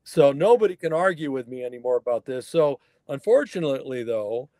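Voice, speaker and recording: A man's voice: medium pitch, expressive, fairly quick, warm tone, no echo. A man, a wild horse researcher from the northern California mountains, telling a story as a guest on a remote interview and acting out the people he quotes.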